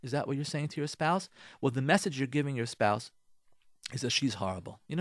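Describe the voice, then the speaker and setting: Animated rabbi, lively rising voice. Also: male voice, medium pitch, a little fast, no echo, clean studio sound. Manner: animated, acts out spouses in mock voices, rhetorical questions. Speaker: rabbi giving marriage advice. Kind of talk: radio talk, advice monologue.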